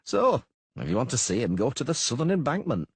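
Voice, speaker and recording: A man reading an audiobook, voicing a coarse, blustering middle-aged male mayor in a husky, gossipy voice. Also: medium pitch, big pitch swings, fairly quick, no echo, pitched above the performer's own voice.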